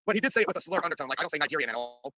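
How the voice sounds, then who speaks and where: A man's voice: a little high, expressive, racing, sharp tone, dry recording. A man in casual chat, bantering in a joking, mock-formal way. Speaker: chat participant.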